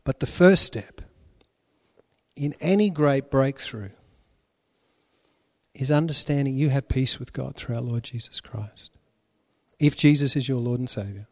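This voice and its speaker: A male pastor preaching a sermon, swinging between loud emphatic lines and hushed, prayerful ones. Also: mid-range voice, unhurried, long pauses, big-room sound.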